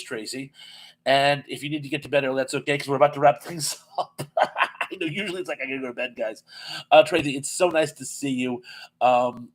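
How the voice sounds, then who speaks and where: A man's voice: mid-range voice, rough recording. Man, live-stream host, casual chat, reading comments, lots of fillers, laughs easily. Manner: chatty, laughs easily, reads comments aloud with many fillers.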